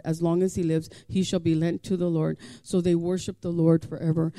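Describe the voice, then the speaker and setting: A male pastor preaching a sermon, reading scripture aloud and breaking into passionate, shouted exhortation. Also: high-pitched, no echo. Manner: impassioned, builds to shouting.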